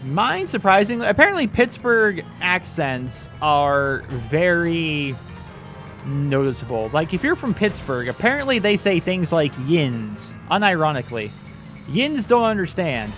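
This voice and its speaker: A man talks his way through a game in a loose, rambling commentary, his slightly high voice swinging up and down as he exclaims at near misses. He sits at a desk mic, with faint game music underneath. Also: big pitch swings, measured pace, a bit bright. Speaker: gaming channel host. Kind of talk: casual let's-play commentary.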